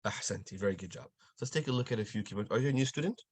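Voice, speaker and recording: Guy teaching recitation on a video call, talks fast, slightly low voice, dry sound, patient and encouraging. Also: a little mellow, slightly rough, no echo. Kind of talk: online tajweed lesson, giving corrections.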